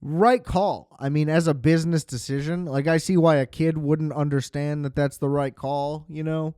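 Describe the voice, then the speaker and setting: A man's voice: on the high side, steady tone, normal speed, darkish tone, clear, resonant tone, no room sound, studio quality. A man hosting a podcast, reviewing films in a rambling, sarcastic monologue full of fillers and swearing. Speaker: podcast host. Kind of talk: casual film review monologue.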